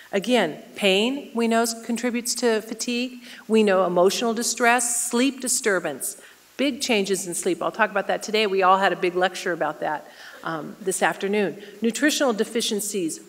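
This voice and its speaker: A woman's voice: mid-range voice, a bit bright. Middle-aged woman lecturing in a hall. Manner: conversational, asks the audience questions. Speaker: nurse presenter. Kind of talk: community health lecture. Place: lecture room with an audience. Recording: reverberant hall.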